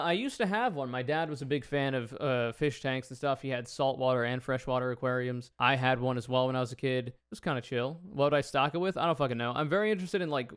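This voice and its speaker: A young man runs through viewer questions in a relaxed, offhand monologue, blunt and peppered with swearing. His voice is smooth and clear, recorded dry and close with no room sound. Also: mid-range voice, no echo. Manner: laid-back, blunt and profane, rambling asides. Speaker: YouTuber answering viewer questions. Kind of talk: casual Q&A monologue.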